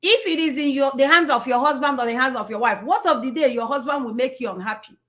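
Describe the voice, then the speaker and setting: A woman's voice: sits high, fast, fairly bright tone. A woman giving an inspirational talk, repeating phrases for emphasis and asking rhetorical questions. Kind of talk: slow, preachy motivational talk.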